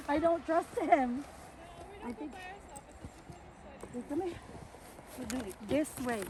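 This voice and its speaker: A woman vlogging outdoors in the snow on a handheld camera, cheerful and cooing at her dogs in a high voice. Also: animated, slow, a crowd in the background. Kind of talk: casual vlog chat.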